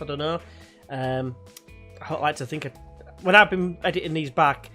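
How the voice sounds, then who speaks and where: Chatty excitable young man. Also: on the high side. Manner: chatty, excitable, swings between jokey asides and frustration. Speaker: gaming YouTuber. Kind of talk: casual gameplay commentary.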